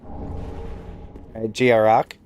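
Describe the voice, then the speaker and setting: A man's voice: on the low side, level tone, takes it slowly, a little mellow, slight background noise. A man giving wry, self-mocking let's play commentary as he plays through a game. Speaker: gamer playing a randomizer.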